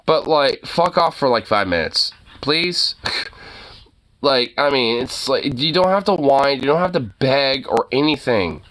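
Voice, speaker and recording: Slow-talking man, profane late-night ramble, pitch swings widely. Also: lively intonation, fairly bright tone. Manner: profane, rambling, filler-heavy; scolding his dog, exasperated. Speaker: vlogger. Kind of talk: late-night casual rant.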